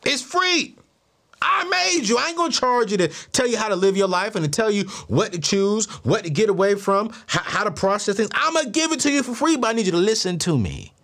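A man's voice: high voice, sing-song, brisk, a bit bright, full character voice. A man voicing God as a patient, fatherly figure who speaks earnestly and casually. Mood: urging.

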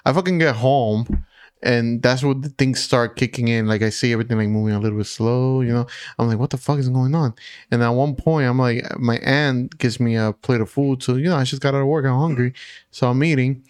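A young man from the Dominican Republic, a podcast co-host telling a rambling, animated story full of fillers. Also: medium pitch, fairly quick, smooth, no echo, clean studio sound. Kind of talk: casual storytelling chat.

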